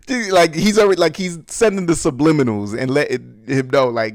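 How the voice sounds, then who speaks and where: A man's voice: on the high side, normal speed, long pauses, no echo, clean studio sound. A man hosting a podcast, recapping a film in a loose, slangy way with lots of fillers and restarts. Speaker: podcast host. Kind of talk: casual movie recap.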